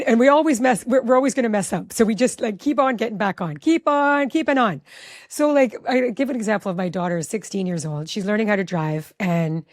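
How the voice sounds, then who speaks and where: Chatty, animated woman telling a story. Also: medium pitch. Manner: animated, chatty, heavy use of "like". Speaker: relationship educator and author. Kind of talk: casual storytelling in a podcast interview.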